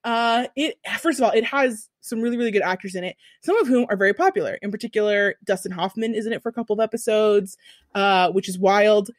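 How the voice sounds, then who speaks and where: A woman's voice: medium pitch, fast talker, no room sound, clean studio sound. A woman co-hosting a podcast, telling a long story in casual chat with big swings in her voice and some swearing. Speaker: podcast co-host.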